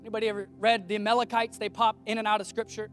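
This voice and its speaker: A man's voice: high voice, little pitch movement, rapid-fire, a bit bright, soft background music. A man preaching a casual, conversational sermon, telling stories with animation and acting out the voices he quotes.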